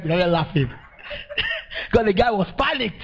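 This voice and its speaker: An older Nigerian pastor with a husky, slightly raised voice preaches with lively, laughing storytelling. He swings into loud, emphatic declarations as the sermon builds. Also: high-pitched, normal speed, poor audio.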